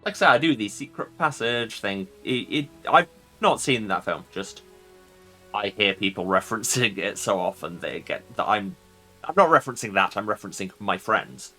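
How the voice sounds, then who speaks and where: A man's voice: on the low side, lively intonation, normal speed, bright, forceful tone, faint music behind. A man streaming a game, reading its text aloud with casual joking asides. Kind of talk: let's play with narration read aloud.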